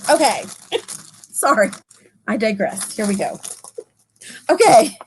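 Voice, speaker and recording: A woman hosting a casual live chat, bubbly and gushing, quick to giggle, who is from the southern US. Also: a little high, big pitch swings, a little hiss or hum. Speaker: host.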